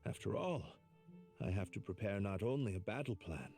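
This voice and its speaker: A gravelly, earnest tactician. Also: male voice, fairly low pitch, lively intonation, darkish tone. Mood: resolute. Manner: earnest, measured speech. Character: modest middle-aged male army tactician. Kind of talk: game voice acting. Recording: game audio with faint music.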